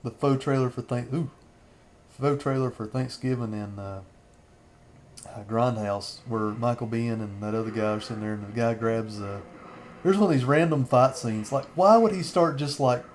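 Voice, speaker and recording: A man's voice: medium pitch, normal speed, slight background noise. A man in his thirties rambling through a casual film commentary as a channel host, chuckling often between remarks.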